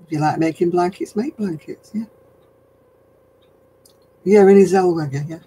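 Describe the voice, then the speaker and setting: Lancashire woman chatting away on her craft stream, mellow voice, bit of hiss behind. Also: fairly low pitch, normal speed, rough recording. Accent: broad Lancashire. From Lancashire, England. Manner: chatty and homely, calls viewers "love". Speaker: host of a crafting livestream. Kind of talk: casual chat, answering viewer comments while crocheting.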